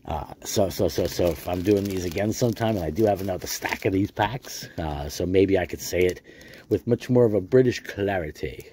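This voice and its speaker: A man's voice: deep voice, moderate pace, dark tone, a little hiss or hum. A middle-aged American man, chatting casually and jokingly as he opens packs of cards, repeating his words. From United States. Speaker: card collecting YouTuber. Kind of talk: casual pack-opening commentary.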